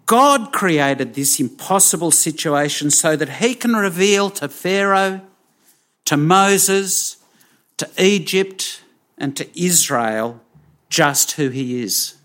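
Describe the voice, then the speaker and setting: Slow, emphatic male preacher. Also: a little high, animated, a bit bright. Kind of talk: sermon.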